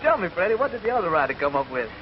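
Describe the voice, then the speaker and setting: High, quick, exclaiming man. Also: very animated. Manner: eager, exclaiming straight man. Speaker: film actor playing himself. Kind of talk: 1940s film comedy banter. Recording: dull, noisy 1940s film soundtrack.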